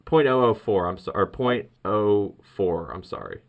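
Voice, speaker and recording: A man hosting a casual crypto vlog, rambling excitedly through trading charts with many restarts. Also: lowish voice, unhurried, creaky.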